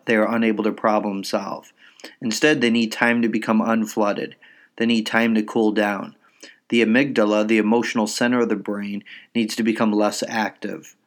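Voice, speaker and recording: Calm man explaining parenting on a podcast. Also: on the low side. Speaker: psychologist podcast host. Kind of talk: educational parenting podcast talk.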